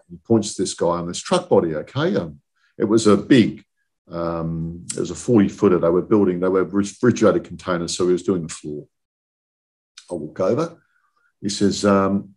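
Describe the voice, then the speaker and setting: A man's voice: low voice, normal speed, a little mellow. A man in his sixties, a podcast guest telling long, rambling stories about his working life and often checking in with "okay?". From southern England. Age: 60s. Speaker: guest, industry chief executive. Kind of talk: casual podcast chat.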